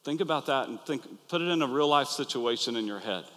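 A pastor preaching an earnest, animated sermon to his listeners, acting out the quoted lines. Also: medium pitch, quick pace. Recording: long hall reverb.

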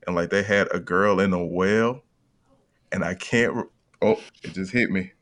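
Brief: male contestant, thirties, lowish voice, eager and chatty. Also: moderate pace, a bit bright. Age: 30s. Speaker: quiz contestant. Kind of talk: casual podcast banter.

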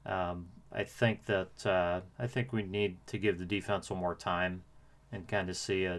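A man hosting a podcast, commenting casually with frequent hesitations. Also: on the low side. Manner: hesitant, many fillers. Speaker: podcast host.

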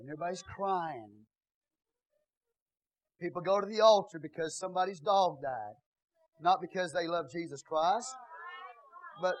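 High-voiced pastor preaching with shouted peaks. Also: male voice, no echo, low-quality recording. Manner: swings from low, hushed asides to loud shouted preaching. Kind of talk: sermon. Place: church.

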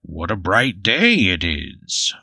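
A man doing a slow, polite Bigfoot. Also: sits low, sing-song, creaky, bright, forceful tone, breathy edge, no room sound, clean studio sound, full character voice. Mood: deliberate. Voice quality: slow, deliberate, oddly polite speech. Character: huge hairy male Bigfoot, slow and formal.

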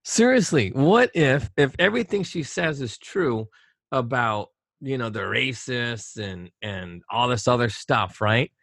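A man's voice: medium pitch, animated, a little slow, gravelly, fairly bright tone, dry recording. Middle-aged man, talk co-host, emphatic and rhetorical, dry close sound. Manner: emphatic, rhetorical, repeats himself. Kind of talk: casual political talk.

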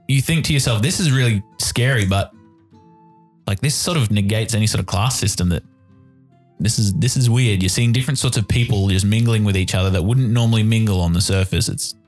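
A man narrating as game master of a tabletop game, in loose, chatty narration. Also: lowish voice.

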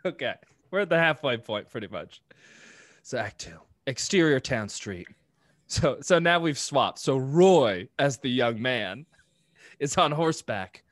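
A man's voice: medium pitch, big pitch swings, measured pace, no echo, studio quality. A man reading his own comedy script aloud and chatting casually, self-mocking and laughing often.

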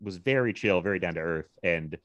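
A man in his thirties from Virginia, co-hosting a podcast, telling animated stories with frequent laughter. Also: low-pitched, fairly quick, dry recording, lo-fi sound. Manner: animated storytelling, laughs often, quotes people in lively voices. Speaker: podcast co-host. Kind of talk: casual chat.

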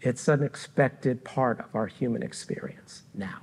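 A middle-aged man preaching a sermon as pastor, speaking earnestly and deliberately with frequent pauses between phrases. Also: mid-range voice, vocal fry, slightly rough. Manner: earnest and reflective.

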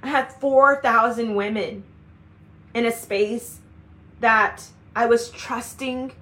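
A woman's voice: fairly high pitch, slow, a bit bright. A middle-aged woman speaking in a heartfelt personal vlog, earnest and repeating phrases for emphasis. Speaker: leader of a women's community. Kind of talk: personal faith vlog monologue.

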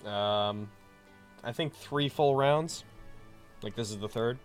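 A man narrating as game master, giving rulings in a calm, matter-of-fact way with filler ums. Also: mid-range voice, takes it slowly, clean tone, faint music behind.

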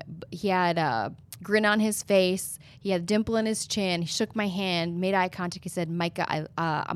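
A young woman with a fairly low voice tells her story in an earnest, preaching manner. She speaks as a guest in an interview. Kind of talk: testimony in an interview.

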